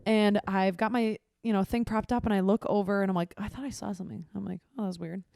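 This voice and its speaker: A woman's voice: mid-range voice, steady tone, quick pace, vocal fry, dark tone, no echo, studio quality. A woman in her twenties co-hosting a casual podcast, telling a story animatedly, acting out her own reactions and swearing freely. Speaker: podcast co-host.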